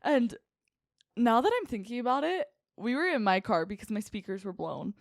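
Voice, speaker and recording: Animated high-voiced young woman storyteller. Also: moderate pace, dry recording, clean studio sound. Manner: giggly, animated, lots of "like" fillers. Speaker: podcast co-host. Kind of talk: casual storytelling chat.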